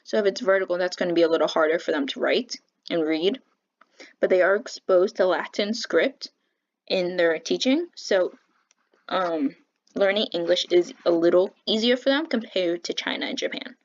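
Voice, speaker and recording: Young woman giving a flat class presentation. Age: young adult. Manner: halting, with fillers and self-corrections; says she speaks with a flat pitch. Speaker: education student presenting. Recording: dull lo-fi recording.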